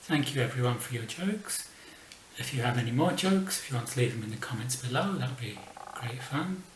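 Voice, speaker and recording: A man casually telling book jokes as a vlogger, dropping his punchlines softly, sometimes in a whisper. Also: mid-range voice, expressive, brisk, distant mic. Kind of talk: casual joke telling to camera. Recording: echoey room, mic set back, faint noise.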